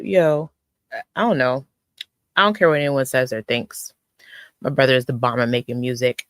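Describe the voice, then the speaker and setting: A host chatting casually on a live stream, close to the mic, repeating phrases and giving shout-outs. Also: mid-range voice, moderate pace, long pauses, smooth, no room sound.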